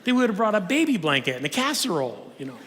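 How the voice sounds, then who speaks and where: A male conference speaker tells stories in a high, bouncy voice that swoops all over. He talks in an animated way and often restarts mid-sentence. A long reverb from the church hall hangs behind every phrase. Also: fast, background noise. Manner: animated storytelling, frequent restarts. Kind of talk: humorous lecture. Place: church auditorium.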